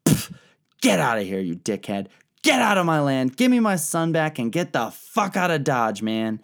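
A man's voice: very animated, normal speed, vocal fry. A man voicing a furious warrior queen who hurls profane threats. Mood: scornful. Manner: profane tough-talking threats, shouted and high. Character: furious vengeful warrior queen, foul-mouthed.

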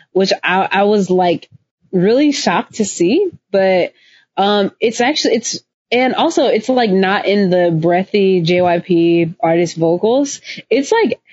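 A woman co-hosting a podcast, chatting casually in an animated, emphatic way. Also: mid-range voice, no echo. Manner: animated, emphatic, laughs often. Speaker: podcast co-host. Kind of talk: casual chat. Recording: dull lo-fi dry recording.

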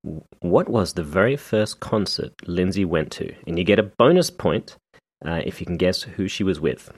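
A man hosting a casual family quiz game, playful and quick to laugh, with stumbling restarts. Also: sits low, lively intonation, husky. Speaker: game show host. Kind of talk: casual game-show banter.

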